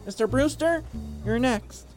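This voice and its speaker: A man's voice: extremely high pitch, animated, a little slow, faint music behind, pitched above the performer's own voice. A man voicing a fussy male host who calls players to a poker game, prim and easily exasperated. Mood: officious.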